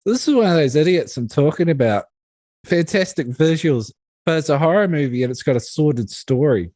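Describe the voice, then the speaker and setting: A man co-hosting a casual film review podcast, talking in an animated, exasperated way with plenty of swearing. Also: on the high side, a little fast, dry recording. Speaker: podcast co-host.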